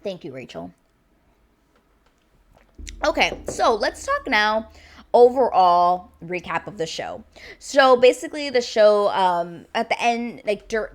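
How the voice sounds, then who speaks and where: A woman giving a chatty, unscripted review of a reality show, full of fillers and restarts. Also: fairly low pitch. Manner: animated, chatty, lots of fillers. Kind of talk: casual vlog review.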